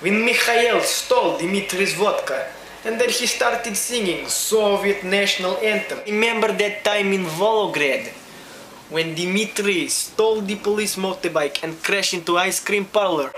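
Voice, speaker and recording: A man's voice: high-pitched, a little slow, pushed and bright, heavy reverb, slight background noise, voice pushed up, rough recording. A man voicing a chatty Russian man on the phone, in a heavy put-on Russian accent. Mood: boisterous. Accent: mock Russian.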